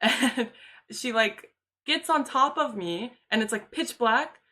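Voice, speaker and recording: Young woman on a livestream, bright voice, super candid, laughs a lot and swears. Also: a little high, takes it slowly. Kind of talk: casual livestream commentary.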